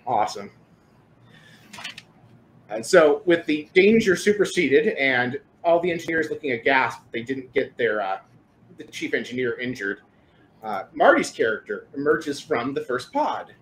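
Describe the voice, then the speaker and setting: A man's voice: medium pitch, very animated, measured pace, a bit bright, a little hiss or hum, low-quality recording. A man running a tabletop game as game master, explaining the rules casually.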